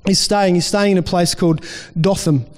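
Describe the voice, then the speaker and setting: Guy pastor preaching, high voice, talks like a chat, lots of restarts, big echoey hall. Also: steady tone, normal speed. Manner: conversational preaching with restarts and acted-out quotes. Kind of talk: sermon. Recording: long reverb in a hall.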